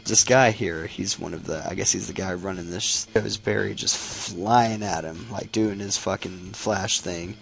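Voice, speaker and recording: A man's voice: lowish voice, normal speed, creaky, hardly any pauses, fairly bright tone. A man casually retelling a comic book's plot, swearing freely and restarting his sentences. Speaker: comic book recap YouTuber. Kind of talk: casual spoken comic recap.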